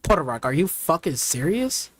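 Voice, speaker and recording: A man's voice: a little high, sing-song, moderate pace. A man hosting a gaming channel who gives a profane, mocking and repetitive rant in reaction to game footage. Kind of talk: ranting game reaction commentary.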